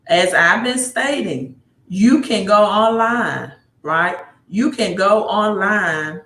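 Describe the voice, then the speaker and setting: Mississippi-accented woman host, livestream chat, drawn-out easy pace, echoey room. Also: mid-range voice. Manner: excited, repeats phrases, answers viewer comments. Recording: roomy echo.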